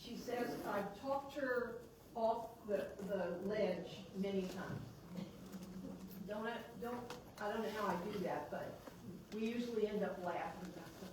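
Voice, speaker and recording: A woman's voice: medium pitch, a little slow. A woman who is a local elected official, giving a chatty, joking, personal speech at a council meeting, with a noticeable accent. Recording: echoey chamber, distant mic, background noise.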